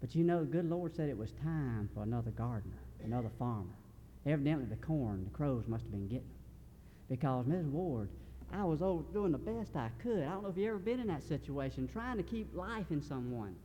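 Folksy preacher telling a story. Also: male voice, a little high, expressive, warm tone, big-room sound, slight background noise. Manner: folksy, earnest, halting restarts. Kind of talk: sermon storytelling.

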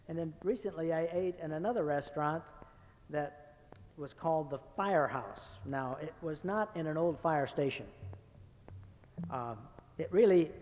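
A man preaching a sermon in a church sanctuary, folksy and full of little jokes and stories. His voice sits a bit higher than most men's, and it rings with a long church reverb. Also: darkish tone. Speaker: guest preacher.

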